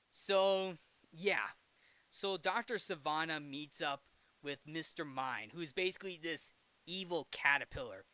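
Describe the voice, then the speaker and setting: A man's voice: on the high side, sharp tone, clean tone, dry recording. A man hosting a casual film review, rambling through the plot with frequent self-corrections and restarts. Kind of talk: casual movie recap.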